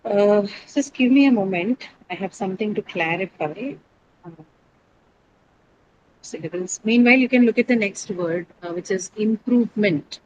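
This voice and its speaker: In an English lesson, a woman with a mid-range, darkish voice patiently works through word stress and spells suffixes out letter by letter, often asking her students questions. She speaks at a normal speed, and the lo-fi audio carries a clear layer of background noise.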